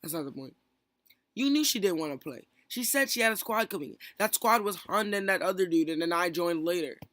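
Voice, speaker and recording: A man's voice: sits high, lively intonation, fairly quick, sharp tone, no room sound, clean studio sound. A young man, a streamer, ranting heatedly in a callout vlog, full of fillers and rhetorical questions.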